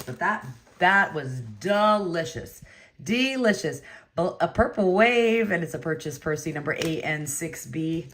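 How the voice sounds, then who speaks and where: A woman's voice: fairly low pitch, lively intonation, unhurried, fairly bright tone, slight background noise. A woman hosting a trading card break, chatting casually, laughing often and talking to viewers by name. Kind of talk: casual chat while opening cards.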